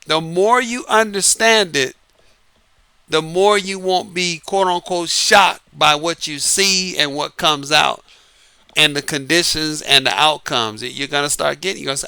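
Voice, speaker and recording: An online commentary host talks casually to his viewers in a monologue, laughing often and dropping Southern-flavored slang. His high voice has a sharp, clean tone with no room sound.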